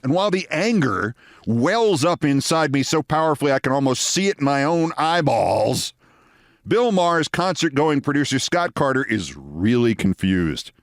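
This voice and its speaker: Man, host, animated anecdote, very expressive pitch, dry studio sound. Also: normal speed, dry recording. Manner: animated anecdote with acted quotes. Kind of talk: storytelling monologue.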